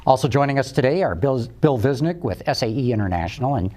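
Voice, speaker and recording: A man's voice: medium pitch, expressive, fast, a little mellow. A man with a Midwestern American accent hosting a studio talk show, breezy and conversational. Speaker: host.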